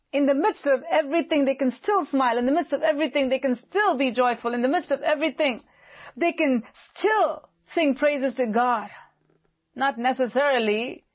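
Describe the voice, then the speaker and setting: A woman pastor delivering an impassioned sermon, swinging between loud fervent lines and hushed low ones. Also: breathy edge. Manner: impassioned preaching with sudden loud and quiet swings. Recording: dull lo-fi audio.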